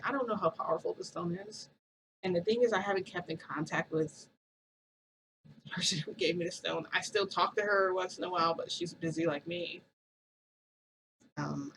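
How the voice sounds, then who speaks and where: A woman's voice: on the low side, noisy background. A woman vlogger casually telling a rambling story to her viewers, full of "like" and side remarks. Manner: rambling, chatty retelling with lots of "like".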